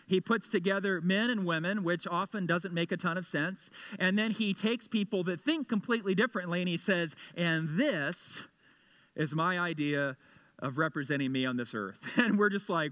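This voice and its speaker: A man's voice: sits high, normal speed, a bit bright. A middle-aged man preaching a sermon to a congregation, earnest, often repeating words as he builds a point. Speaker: pastor.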